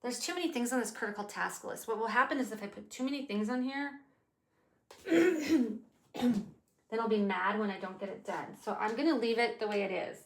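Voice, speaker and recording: A woman's voice: mid-range voice, fast talker, hardly any pauses, fairly bright tone. Chatty woman in her fifties, echoey room. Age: 50s. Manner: chatty, rambling, swears casually. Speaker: vlogger. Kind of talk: casual day-planning chat.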